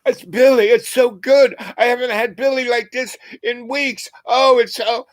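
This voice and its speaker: A man voicing a lost, half-naked young stranger who is dazed and euphoric, speaking in a high, excited voice. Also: unhurried. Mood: overjoyed.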